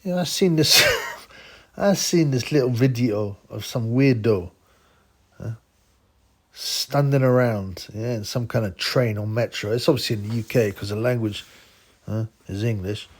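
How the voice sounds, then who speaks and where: A man's voice: mid-range voice, unhurried. Rambling man ranting on a vlog. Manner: rambling, laughs often, conspiratorial rant. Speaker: boxing channel host. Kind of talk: casual commentary vlog.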